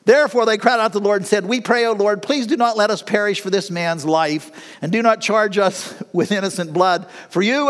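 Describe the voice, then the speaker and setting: A middle-aged man preaching a sermon in a folksy, animated way, with laughs between his lines. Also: high-pitched, long reverb tail. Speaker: pastor.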